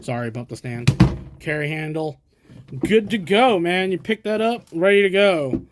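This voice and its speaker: A man's voice: sits high, normal speed, a little hiss or hum. Chatty American man showing old gear. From United States. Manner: rambling, chatty, self-deprecating asides. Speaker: collector showing vintage gear. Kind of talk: casual show-and-tell. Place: indoors, at a camera stand.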